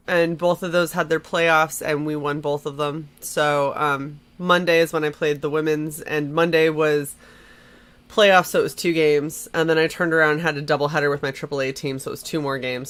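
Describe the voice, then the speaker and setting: Congested woman player, bright chatty voice, quick laughs. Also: deep voice. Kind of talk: casual chat.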